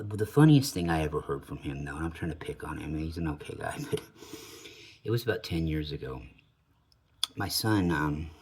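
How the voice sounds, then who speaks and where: A man's voice: sits low, husky. A middle-aged man hosting his own channel, rambling through a story in casual monologue, wry and cursing casually. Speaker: channel host.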